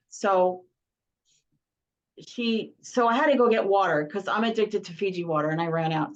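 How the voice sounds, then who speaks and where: Chatty middle-aged woman on a video call. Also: lowish voice. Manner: rambling storytelling with many fillers and restarts. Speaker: songwriting circle member. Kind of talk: casual video call chat. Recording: slightly dull video call audio.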